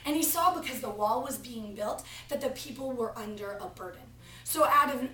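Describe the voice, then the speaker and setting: A young woman with a higher voice, carrying a faint hiss or hum, gives a practice sermon to her preaching class. She tells a family anecdote with animated, storytelling energy before moving to the text. The recording sounds echoey and distant, as if captured from across the room.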